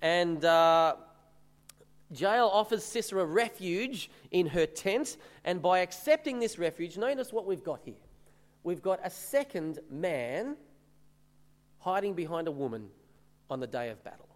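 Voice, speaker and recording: A man with a fairly high voice preaches a sermon. His delivery is earnest and emphatic, and he reads passages aloud between points. The sound carries a long hall reverb. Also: animated, a little slow.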